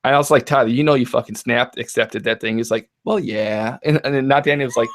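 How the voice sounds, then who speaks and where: A man co-hosting a casual fantasy football podcast, ranting in an animated, profane way. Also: mid-range voice, quick pace, hardly any pauses. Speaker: podcast co-host.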